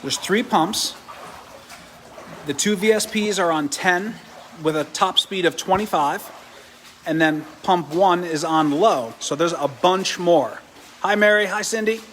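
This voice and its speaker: A host and triathlon coach runs a live product demo beside a swim spa, chatting and explaining as he goes, often restarting. His voice is high-pitched, fairly bright, and a little slow, with some hiss or hum.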